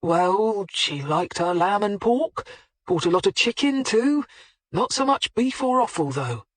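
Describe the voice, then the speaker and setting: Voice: medium pitch, expressive, a little slow, no room sound, voice pushed up. An audiobook narrator voicing a defensive, coarse-spoken middle-aged male butcher being questioned by police, in blunt colloquial speech. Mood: evasive. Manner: blunt colloquial working-class talk.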